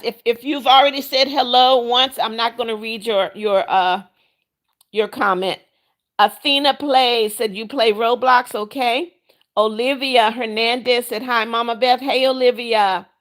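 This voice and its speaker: A middle-aged woman runs her livestream, reading out viewer comments and welcoming people by name. Her voice sits a little on the high side. She moves between friendly greetings and firm warnings about the rules. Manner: firm and scolding when enforcing rules; warm, religious greetings to viewers. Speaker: livestream host. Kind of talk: reading out live chat comments.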